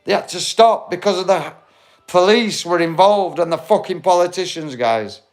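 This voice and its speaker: A man's voice: high voice, normal speed, faint music behind. A man hosting a live stream, chatting bluntly with viewers, heated and swearing freely. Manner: blunt, heated, swears, talks straight to the chat.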